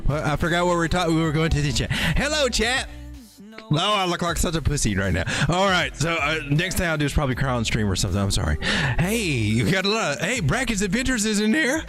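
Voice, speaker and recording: A man's voice: on the high side, very animated, fast, fairly bright tone, soft background music. A man hosting a live chart-reading stream, joking and rambling as he talks through the charts and greets his chat. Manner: jokey, rambling, easily startled. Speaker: livestream host. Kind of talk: casual livestream chart commentary.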